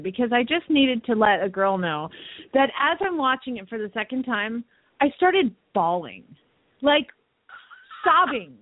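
A woman co-hosts a radio talk show and tells her stories in an excitable, emotional rush with plenty of laughter. Her voice sits a little high. The sound is dry and tinny, like a phone line. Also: no echo. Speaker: radio co-host. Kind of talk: casual radio chat.

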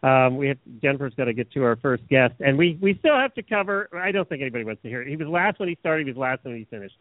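A man's voice: mid-range voice, big pitch swings, fast talker, dry recording. A man co-hosting a radio show, teasing his co-host in a wry way. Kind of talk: casual radio chat. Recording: tinny phone-like line.

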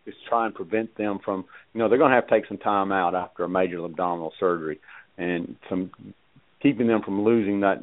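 A man with a Southern accent, a veterinarian guest on a radio interview, speaking in a halting, folksy way. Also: low-pitched. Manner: halting, folksy, many fillers and restarts. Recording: tinny phone line.

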